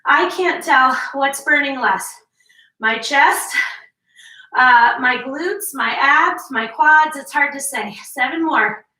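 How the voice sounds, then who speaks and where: Breathy high woman coaching a workout. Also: slow pace, bright, forceful tone. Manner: encouraging, counts reps, explains form. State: out of breath, sighing between sets. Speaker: fitness instructor. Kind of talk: workout instruction. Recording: echoey room, mic at a distance.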